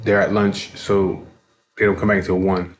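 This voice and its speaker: A vlogger with a low voice tells a rambling, profane story about his day at a normal speed and in a level tone. He sounds tired and fed up, and he restarts his sentences often.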